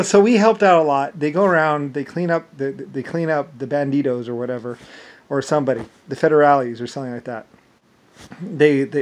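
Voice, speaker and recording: A man telling a long, rambling story in a casual monologue, who keeps restarting with "anyway" and swings between loud animated bursts and low mumbled asides. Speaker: storyteller recounting an imagined past life.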